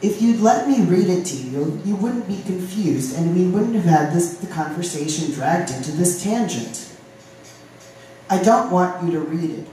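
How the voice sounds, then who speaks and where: A poet from Ohio reading poems aloud at a live open mic, with halting, filler-laden chat between poems. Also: medium pitch, mellow, a little hiss or hum. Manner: reads poems, chats with fillers between them. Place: live venue room. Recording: very echoey room from a distance.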